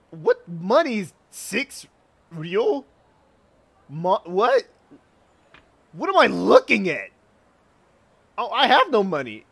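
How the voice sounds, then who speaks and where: High, excitable male gamer. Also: gravelly, husky. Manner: excitable, profane, reacting out loud. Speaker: gaming video host. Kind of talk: gaming commentary.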